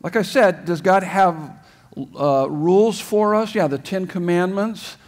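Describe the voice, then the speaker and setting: A middle-aged male pastor preaching a sermon, emphatic, going from loud urging to soft, hushed lines and often restarting his phrases. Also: high-pitched, measured pace. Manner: repeats words and restarts phrases. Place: church sanctuary.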